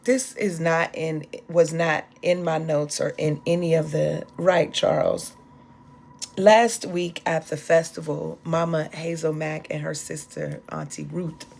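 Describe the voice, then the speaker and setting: A woman preaching a sermon, telling a story and rising into impassioned, high exclamations. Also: fairly even intonation, a little slow, gravelly, a little mellow, slight background noise. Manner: speaks of the Spirit, call-and-response.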